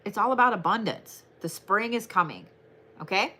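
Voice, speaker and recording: A young woman giving a casual astrology tarot reading, talking fast, blunt and swearing freely. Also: mid-range voice, expressive, pushed and bright. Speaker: tarot reader.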